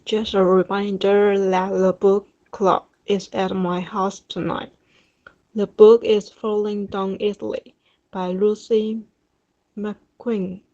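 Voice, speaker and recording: A woman student reading a short email aloud in class, steady and even. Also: medium pitch, slow pace, lo-fi sound.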